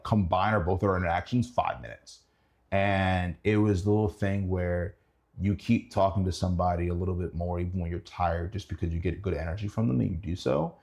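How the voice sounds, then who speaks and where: A young man telling stories in a casual chat, animated and laughing, his voice jumping up when excited. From Indianapolis. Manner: animated, laughing storyteller who rises high in pitch when excited. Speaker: guest. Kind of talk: casual storytelling.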